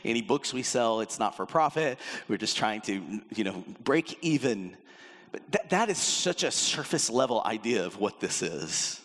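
A man preaching a sermon as pastor, animated and emphatic, with sudden drops into a low, intense voice. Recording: long reverb of a large hall.

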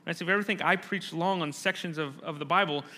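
A man's voice: fairly high pitch, fast, bright, forceful tone. A man preaching a conversational sermon, often restarting phrases, and acting out quoted lines with rising intensity. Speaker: pastor.

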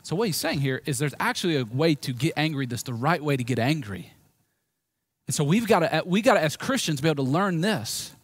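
A man with a Southern US accent preaching a sermon as pastor, swinging between loud emphasis and quiet, low moments. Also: very animated, a little fast, breathy edge, no room sound.

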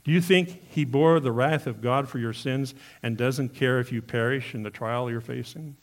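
A male pastor delivering a sermon in an earnest, questioning manner. His voice sits at an ordinary middle pitch, and he turns often to his listeners with direct questions. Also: moderate pace. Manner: earnest, asks the congregation questions.

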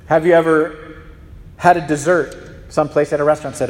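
A man preaching a sermon as pastor, in a conversational, animated way with frequent restarts. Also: fairly high pitch, fairly quick. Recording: long reverb of a large hall.

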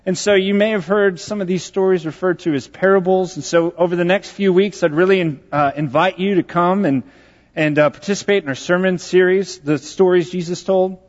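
A pastor from Texas preaching a sermon, telling a personal story in a conversational, joking way. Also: male voice, sits high, brisk. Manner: conversational and joking, with self-deprecating asides. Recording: dull sound in a large reverberant hall.

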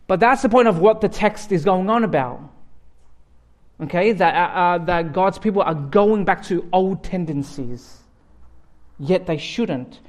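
A man with an Australian accent, a guest pastor giving a sermon in a joking, conversational way. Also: high-pitched.

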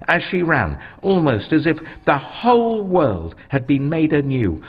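A man's voice: medium pitch, breathy edge. A man narrating a children's Bible storybook in a dramatic, swooping storytelling manner. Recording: dull lo-fi recording.

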